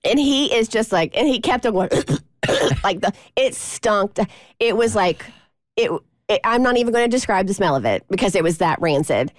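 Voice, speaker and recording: A woman's voice: medium pitch, normal speed, no echo, studio quality. A woman co-hosting a radio show, telling a funny story in a casual way and acting out the voices of the people in it. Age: adult mother of a toddler. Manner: animated, acts out voices in her stories. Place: radio studio.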